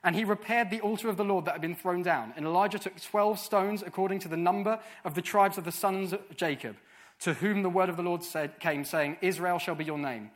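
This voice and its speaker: A man preaching an expository sermon, his voice sitting high for a man. He reads a passage aloud and then explains it in everyday terms. He acts out the lines he quotes, jumping between loud and soft. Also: fairly quick. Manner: animated, acting out the quotes with big shifts in volume.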